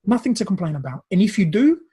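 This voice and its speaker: Brazilian-born man, earnest recovery coach, husky, slightly high voice, emotional storytelling. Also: very animated, fast, dark tone. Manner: earnest, repeats words, voice wells up.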